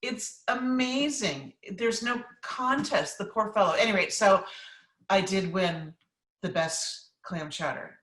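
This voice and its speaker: A woman's voice: medium pitch, lively intonation, slow, a bit bright, far from the mic. A woman chef and cookbook author from New England answers questions in a casual live cooking class, chatty and emphatic with many ums. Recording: roomy echo from off-mic.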